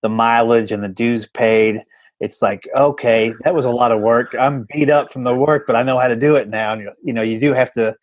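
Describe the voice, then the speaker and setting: A man in his fifties hosting a podcast interview, relaxed and reflective. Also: medium pitch, moderate pace, no echo. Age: 50s. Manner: relaxed and reflective, with easy laughter. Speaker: podcast host. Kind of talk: casual interview. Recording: dull dry recording.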